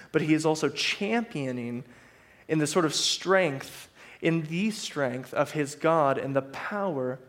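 A man delivers a sermon in an easy, conversational way, his voice sitting a little higher than most men's. He keeps checking in with listeners, tagging his points with a quick "right?". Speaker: preacher.

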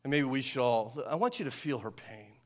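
A man's voice: medium pitch, animated, brisk, big-room sound. A male pastor giving a sermon in a conversational way, often asking "right?" to draw in his listeners. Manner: conversational preaching with frequent rhetorical "right?".

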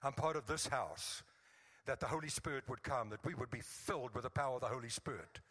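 A man's voice: medium pitch, a little fast, a bit bright. A man pastor preaching a fervent sermon to his own congregation, often checking in with the room with a call for "Amen?". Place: church sanctuary. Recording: church hall reverb.

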